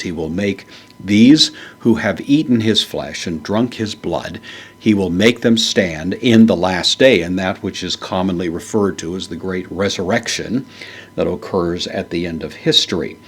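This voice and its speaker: A man teaching a Bible verse word by word, parsing each word in a measured way with frequent fillers. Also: deep voice, husky. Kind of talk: unscripted Greek verse lesson.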